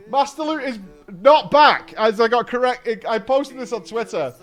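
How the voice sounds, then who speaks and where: A man's voice: extremely high pitch, moderate pace, soft background music. A man streaming casually, ranting and swearing with sardonic humor and laughing at himself.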